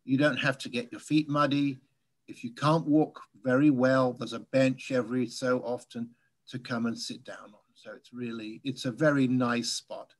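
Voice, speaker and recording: A man's voice: mid-range voice, steady tone, normal speed. Chatty Englishman with a mid-Atlantic accent. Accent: English, softened by years in America. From England. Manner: chatty, anecdotal, laughs while telling stories. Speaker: guest speaker. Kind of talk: casual Q&A chat.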